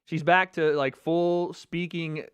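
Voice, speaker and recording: A man's voice: fairly high pitch, flat delivery, takes it slowly, smooth, no echo. A man hosting a live MMA talk stream, commenting casually with mocking, profane banter and frequent laughter. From United States.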